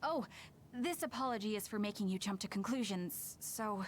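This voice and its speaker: An actress voicing a hesitant, apologetic young woman who leads her team in a video game, speaking in halting bursts. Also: medium pitch, expressive, a little hiss or hum, lightly acted. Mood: uneasy. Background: game music.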